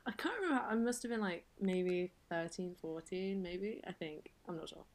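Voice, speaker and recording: A young woman talks as a podcast guest, her voice sitting on the low side. She is chatty and self-deprecating, trailing into fillers and quick laughs. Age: young adult. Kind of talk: casual podcast chat.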